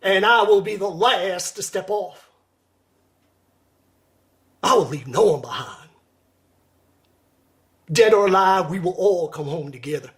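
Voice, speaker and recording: A man playing a male army commander in a Deep South accent, giving a loud, stirring, solemn speech to his troops. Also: expressive, measured pace, pauses often. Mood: rousing.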